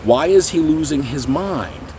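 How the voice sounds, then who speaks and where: A middle-aged man talking casually to camera as a dog trainer, animated and breaking into goofy high voices now and then. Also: a little slow, background noise. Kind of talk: casual explanatory talk to camera.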